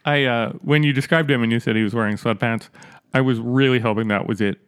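A man riffs playfully with his co-hosts in loose podcast banter, building on silly ideas. His voice sits at a middle pitch. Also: fast, clean tone. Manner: jokey, riffing on ideas. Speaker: podcast co-host. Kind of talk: casual banter.

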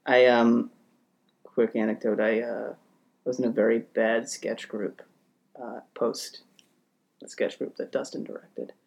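Male podcast co-host, mid-pitched, blunt and opinionated, swears freely. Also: flat delivery, a little slow, gravelly, long pauses. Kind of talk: casual chat.

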